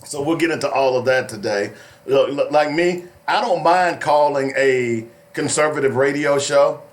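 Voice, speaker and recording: A man hosting a call-in radio show in a studio, loose and chatty, laughing often and filling pauses with "uh". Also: medium pitch. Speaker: radio talk show host. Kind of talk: casual call-in radio talk. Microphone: studio microphone.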